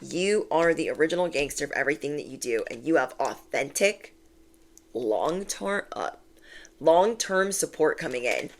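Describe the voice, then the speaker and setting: A woman giving a chatty, animated tarot reading to camera, repeating key phrases to reassure. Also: sits low, moderate pace, slight background noise. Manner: chatty and animated, acts out quoted voices. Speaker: tarot reader.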